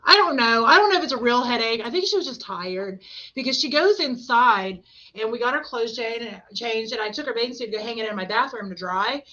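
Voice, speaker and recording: A woman in her thirties with a bright, forceful voice set a little high, talking in a loose, chatty way. She tells lively stories and acts out other people's lines. The sound is muffled and lo-fi. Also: a little fast. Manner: chatty, animated storytelling with voiced quotes. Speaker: podcast host. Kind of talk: casual chat. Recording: dull lo-fi sound.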